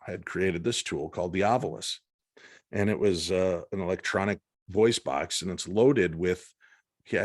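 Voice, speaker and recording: A paranormal investigator with a low voice, appearing as a podcast guest, tells an anecdote and animatedly acts out the quoted lines. The recording is dry with clean studio sound.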